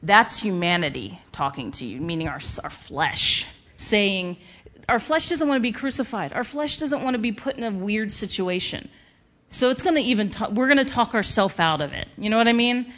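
A woman's voice: medium pitch, lively intonation, moderate pace, fairly bright tone. A woman giving a conversational sermon to a live audience. She tells a personal story and acts out her inner dialogue. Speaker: speaker at a church gathering.

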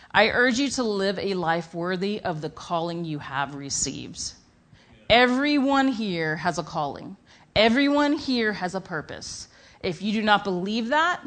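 A woman preaching in a lively, conversational way. She tells a personal story and voices her own back-and-forth thoughts. She addresses a live gathering directly. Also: medium pitch. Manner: animated and conversational, acts out inner dialogue. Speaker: speaker at a church gathering.

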